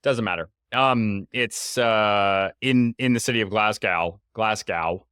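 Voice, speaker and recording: Brief: young American male host, lowish voice, rambling and hesitant, dry close sound. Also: measured pace, bright, forceful tone, clear, resonant tone, dry recording. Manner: rambling, hesitant, many fillers. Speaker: podcast host. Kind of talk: casual interview chat.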